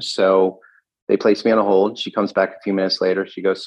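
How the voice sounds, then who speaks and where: Earnest low-voiced man recounting. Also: flat delivery, fairly quick, rough recording. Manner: earnest, recounts events with restarts and quoted dialogue. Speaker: gun shop owner, guest. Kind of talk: interview, telling his story.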